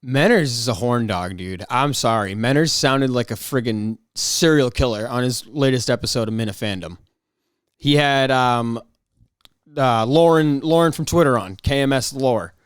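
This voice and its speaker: A man hosting a solo podcast, rambling in a casual, excitable way with frequent restarts and mock outrage. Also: medium pitch, moderate pace, smooth, no room sound, studio quality. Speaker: podcast host.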